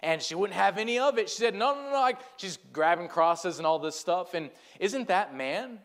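A man preaching a sermon in an earnest way, rising to loud emphatic lines and dropping to soft low ones, often repeating words when he gets going. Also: lively intonation, moderate pace.

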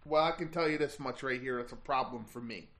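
A man's voice: medium pitch, a little fast, a bit bright, lightly acted. A man voicing a blunt, violent male vampire hunter in a put-on Chicago accent during a tabletop game. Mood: gruff. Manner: blunt, tough-guy talk.

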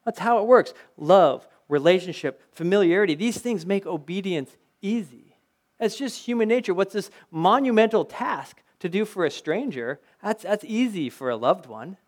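High-voiced man preaching conversationally. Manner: conversational preaching, anecdotes, rhetorical questions. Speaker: pastor. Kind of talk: sermon.

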